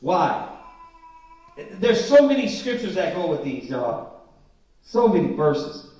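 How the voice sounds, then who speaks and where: High-voiced man preaching in a booming echoey room. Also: very animated, darkish tone. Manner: slow emphatic scripture reading mixed with casual slangy commentary. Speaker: Bible study teacher. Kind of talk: informal scripture study sermon. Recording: very echoey room from a distant mic.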